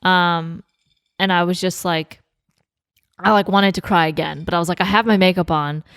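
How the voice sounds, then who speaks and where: Young woman, casual podcast chat, lots of fillers and laughs, lower pitch, dry close sound. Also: steady tone, normal speed, fairly bright tone, clear, resonant tone, no room sound. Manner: chatty, laughing, many fillers and swears. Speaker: podcast co-host.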